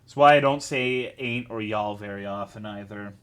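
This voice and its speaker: A man's voice: fairly low pitch, normal speed, a bit bright, smooth. A man from Texas streaming, chatting casually and answering his chat in a rambling, profane, self-deprecating way. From Texas, USA.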